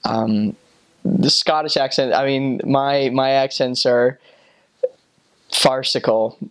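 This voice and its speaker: A man in his twenties, a former missionary, talking casually and haltingly about his time abroad. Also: medium pitch, clear, resonant tone. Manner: relaxed, halting, full of fillers. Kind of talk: casual storytelling.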